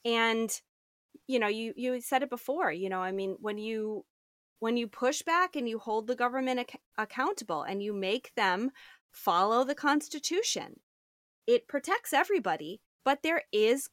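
A woman hosting an interview who speaks haltingly, repeating words and restarting phrases as she thanks her guest. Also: on the high side, lively intonation, a bit bright, dry recording, clean studio sound. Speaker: interview host. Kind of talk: casual interview talk.

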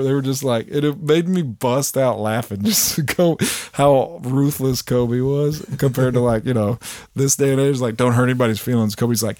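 A man with a medium-pitched voice talks a little fast as co-host of a casual podcast chat in a small hot room. He tells stories animatedly, acts out quotes, and swears; the sound is clean studio audio with no room sound.

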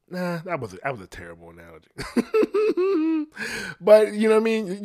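A man's voice: high voice, very animated, moderate pace, long pauses. Rambling, profane male podcast host. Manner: rambling and profane, trails off quietly, frequent self-mocking laughs. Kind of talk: casual profane rant.

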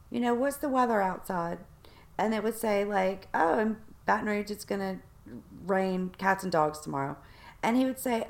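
A Southern woman chats casually with a co-host and tells her stories with animation. She slips into the voices of the people she quotes, lifting and dropping her tone as she plays them out. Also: mid-range voice. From Southern United States. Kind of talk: casual chat.

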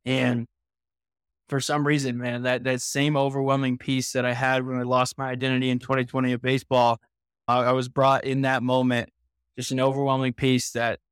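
A man's voice: mid-range voice, completely flat delivery, moderate pace, fairly bright tone, clear, resonant tone, dry recording, clean studio sound. A man in his twenties from Indiana, a podcast guest earnestly recounting his personal story with frequent restarts.

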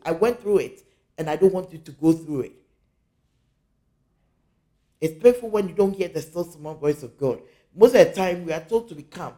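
Spiritual teacher from Africa, earnest, warm mellow tone, hammers key phrases home. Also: mid-range voice.

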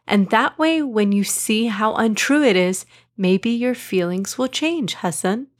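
Woman reading a gentle coaxing mother. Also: mid-range voice, expressive, unhurried, close to an everyday voice. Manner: gentle, coaxing, slightly raised. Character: patient, loving mother of two boys.

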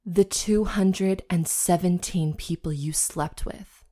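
A woman's voice: lowish voice, takes it slowly, warm tone. A woman co-hosting a comedy podcast who chats casually and reads a raunchy story aloud. She giggles often, stumbles over words and mocks herself. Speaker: podcast co-host.

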